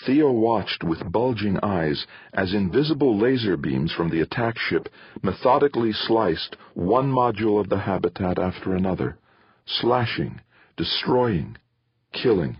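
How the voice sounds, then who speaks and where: Male narrator, lively dramatic reading, husky voice, slightly muffled recording. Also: fairly low pitch, a little slow, no echo. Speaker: audiobook narrator. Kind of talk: scripted narration of a sci-fi novel.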